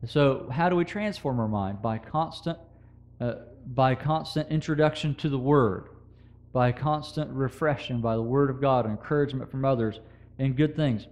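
A man's voice: mid-range voice, moderate pace, a little mellow. A man preaching a sermon, talking through scripture in a conversational way with quoted verses and asides to the congregation.

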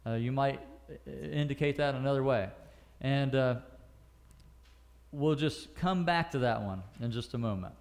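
A man teaching a Bible passage verse by verse, reading scripture slowly and asking his listeners questions, with frequent fillers and self-corrections. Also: medium pitch, gravelly, darkish tone.

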